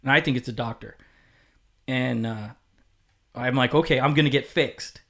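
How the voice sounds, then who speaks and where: A man's voice: medium pitch, moderate pace, creaky, fairly bright tone. A man guesting on a podcast, telling a personal story in casual chat, speaking candidly with swearing and acting out quoted dialogue.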